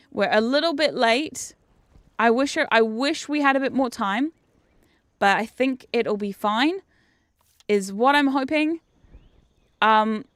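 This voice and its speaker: Excitable swearing woman. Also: a little high, clean tone, dry recording. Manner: excitable, swears often, jumps to squeals. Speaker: VTuber streamer. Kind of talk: casual gameplay commentary.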